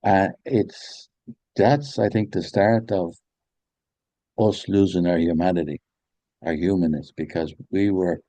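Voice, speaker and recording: A man's voice: sits low, a little slow, long pauses, warm tone, no echo. A man speaking earnestly and reflectively in a casual conversation. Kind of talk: casual chat.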